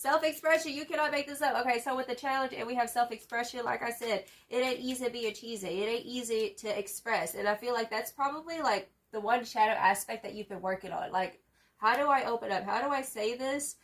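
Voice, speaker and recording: A young woman does a casual tarot reading in a fairly high, slightly bright voice at a brisk pace. She's slangy, profane and emphatic, full of fillers, hyping the viewer up with repeated catchphrases.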